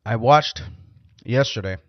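A man's voice: medium pitch, a little slow, no echo. A man hosting a podcast, telling stories in a loose, profane, rambling way. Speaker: podcast host. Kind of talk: casual storytelling podcast chat. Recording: dull lo-fi recording.

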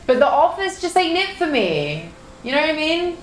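A woman's voice: sits high, very animated, normal speed, roomy sound, a little hiss or hum. A young woman streaming live, reading her chat aloud with swearing and lots of laughter. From United Kingdom.

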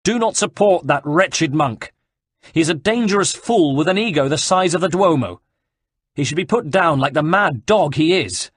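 A man's voice: a little high, animated, moderate pace, husky, no echo, clean studio sound, voice pushed up. A man doing a hot-headed young nobleman. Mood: ranting. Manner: indignant, ranting.

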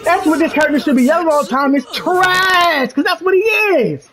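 A young woman loudly commentating her own gameplay, cursing and yelling at her opponents. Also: sits high, rapid-fire. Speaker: gaming streamer. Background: game music.

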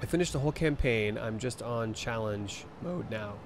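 A young man hosting a live game stream, talking easily to his viewers and reading menus aloud. His pitch sits in an ordinary middle range, and soft music plays faintly underneath his voice. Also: lively intonation, normal speed. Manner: chatty, reads game text aloud and talks to chat. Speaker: gaming streamer. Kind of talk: live let's play commentary.

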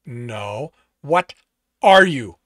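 A man voicing a calm, curious clawed demon that speaks slowly and formally. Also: mid-range voice, no echo, studio quality, exaggerated voice. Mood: calm, probing. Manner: slow, formal, questioning.

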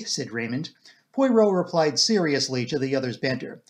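A man narrating an audiobook in a measured, even reading. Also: medium pitch.

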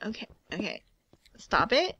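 A woman's voice: medium pitch, huge pitch swings, unhurried, bright, forceful tone, slight background noise. A woman chatting casually while playing a video game, giggling often. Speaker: game streamer. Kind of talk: casual gaming chat.

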